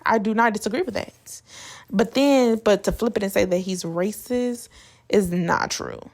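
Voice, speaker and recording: Gravelly, chatty woman recapping TV. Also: medium pitch, normal speed, a little mellow. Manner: chatty, blunt, slangy. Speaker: reality TV recap vlogger. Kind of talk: casual opinionated recap.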